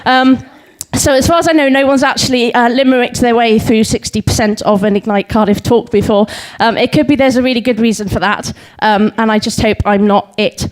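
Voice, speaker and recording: Young woman on stage, nervous-giggly, self-deprecating, fairly high voice, reciting silly verse. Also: steady tone, brisk, poor audio. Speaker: speaker at a live talk event. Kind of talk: comic talk reciting limericks. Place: pub venue before a live audience.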